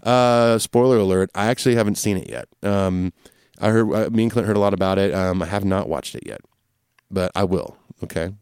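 A podcast host works casually through listener questions, easygoing and rambling, full of fillers and restarts. His voice is low-pitched, fairly quick, darkish, clear and resonant, recorded with clean studio sound and no room sound.

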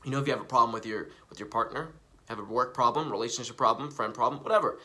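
Animated, profane young man live streaming. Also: mid-range voice, fast. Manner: animated and profane, swings from loud to hushed; rambling, repeats himself. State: coughing from recently quitting smoking. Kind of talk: casual live stream talk.

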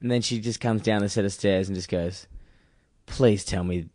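A man's voice: fairly low pitch, fairly even intonation, fairly quick, darkish tone, no echo. A young man, a comedian co-hosting a podcast, telling dating stories in a laid-back, swearing, chuckling way. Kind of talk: casual storytelling chat.

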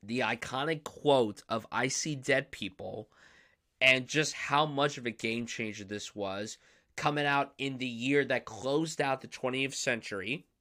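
A man's voice: medium pitch, a little slow, pushed and bright. A young man hosting a podcast, talking through films in an enthusiastic, emphatic, casual way. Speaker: podcast host. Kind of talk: casual film discussion.

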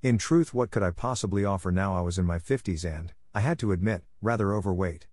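A man narrating a story in measured, scripted reading with a dry, wry manner. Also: low voice, darkish tone, no echo. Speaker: audiobook narrator.

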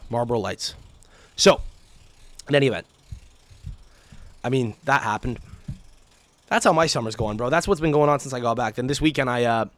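A man's voice: medium pitch, moderate pace, long pauses, no echo. A young man hosting a podcast, telling a long profane story and mimicking the people in it. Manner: animated, profane, mimics people in shouty voices. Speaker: podcast host. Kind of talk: casual chat, ranting storytelling.

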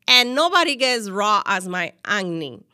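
A woman podcast host with a Cuban Spanish accent, talking in an expressive, heartfelt casual chat full of fillers. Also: mid-range voice, a little slow, dry recording, clean studio sound. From Cuba.

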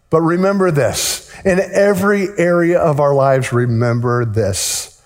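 A man preaching a sermon, telling a story and acting out the dialogue in lively fashion. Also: sits high, unhurried. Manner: animated, acts out dialogue in the story. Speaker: pastor. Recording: long hall reverb.

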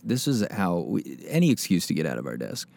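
A man chatting casually with a lively, swooping voice. He jokes, swears and laughs a lot as he talks. His tone is loose and playful throughout. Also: deep voice, a little fast, creaky. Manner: joking, laughs often, swears. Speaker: podcast co-host. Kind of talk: casual chat.

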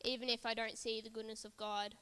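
A woman's voice: on the high side, flat delivery, fairly quick, pushed and bright, smooth, long reverb tail. A woman preaching a sermon at a church service, earnest and repetitive, building emphasis phrase by phrase.

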